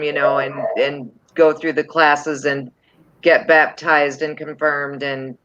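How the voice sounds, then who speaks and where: A woman's voice: deep voice, fairly bright tone, highs cut off. A woman with a crackly, smoker's voice, talking earnestly in a casual group chat. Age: older.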